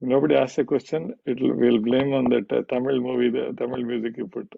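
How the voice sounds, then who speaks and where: A man's voice: medium pitch, little pitch movement, brisk, gravelly, slightly rough, dry recording, phone-quality sound. A middle-aged man answering questions in a conversational Q&A, telling reflective, jokey stories. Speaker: guest speaker.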